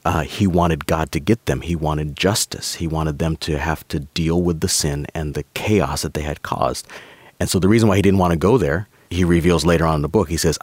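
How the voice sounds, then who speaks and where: Man, very low bass voice, dry; pastor-author guest who unpacks scripture calmly. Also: husky, no room sound. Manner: measured, explains scripture by quoting verses. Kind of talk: conversational podcast talk.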